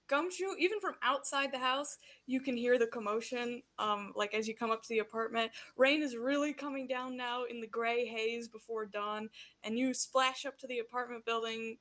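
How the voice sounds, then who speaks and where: A woman narrating as game master of a tabletop role-play game, acting out characters with animated delivery. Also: on the high side.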